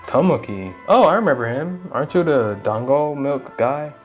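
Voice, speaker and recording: A man's voice: medium pitch, expressive, normal speed, faint music behind. A man commenting casually on a video game playthrough, joking and using slang. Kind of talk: casual let's-play reactions.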